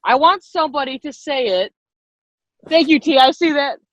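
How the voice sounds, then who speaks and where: A woman leading an online public speaking workshop on a video call, lively and quick-talking, encouraging the participants. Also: high-pitched, no echo. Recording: dull lo-fi video call audio.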